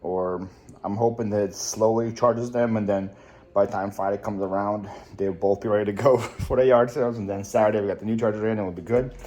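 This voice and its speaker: A young man chatting excitably to camera in a casual vlog, thinking aloud as he opens mail at home. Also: lowish voice, a little fast. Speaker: reselling vlogger. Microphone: phone camera.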